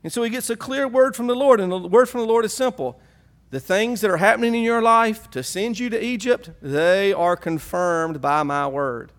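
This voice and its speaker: A man's voice: high-pitched, normal speed. A man preaching a sermon as pastor, emphatic, asking questions and repeating his key points.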